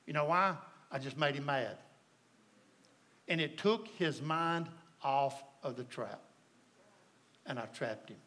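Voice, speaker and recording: A man's voice: fairly high pitch, takes it slowly, long pauses, pushed and bright. A man with a Southern US accent preaching a sermon as pastor, folksy and storytelling, often asking the congregation if they follow.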